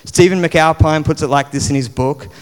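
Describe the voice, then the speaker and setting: A man, preaching a sermon in a relaxed, conversational way full of fillers. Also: fairly high pitch, normal speed. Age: 40s. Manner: conversational, chatty with many fillers. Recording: long hall reverb.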